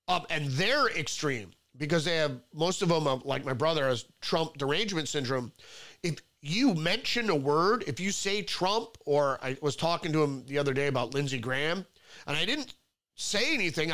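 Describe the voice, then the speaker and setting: Male solo commentary host, slightly high pitch, reads headlines and riffs on them in a rambling way with mocking outbursts. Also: bright, forceful tone.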